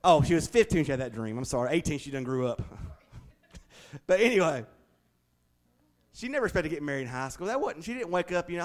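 A man preaching a sermon, telling folksy stories with big swings between loud and hushed delivery. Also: on the high side, sing-song, fast talker, pauses often. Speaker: pastor.

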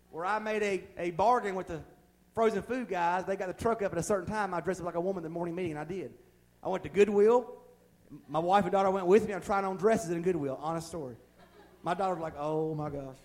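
A man with a notably high voice preaches to his congregation in a folksy, plain-spoken way. His delivery rises from hushed, intimate lines to loud, fervent pushes. He drops humorous asides along the way. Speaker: pastor. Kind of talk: sermon. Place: church.

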